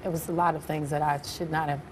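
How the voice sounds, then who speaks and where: A woman answering as a guest on a talk show, soft-spoken and giggly with hesitant fillers. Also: sits low, little pitch movement, fast. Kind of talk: casual interview answers. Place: TV studio with live audience. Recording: studio audience and background noise.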